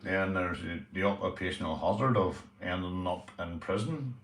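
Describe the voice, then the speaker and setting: A man's voice: deep voice, normal speed, fairly bright tone. A Northern Irish man in casual vlog chat, rambling and swearing, often saying "you know". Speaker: vlogger, police auditor. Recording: roomy, from a distance.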